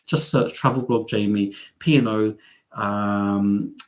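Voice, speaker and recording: A young man from England hosting a live stream. He reads out viewer comments and answers them in a chatty, playful way, often jumping up high in pitch. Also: slow pace. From Devon, England. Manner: lively and playful, with big jumps up in pitch.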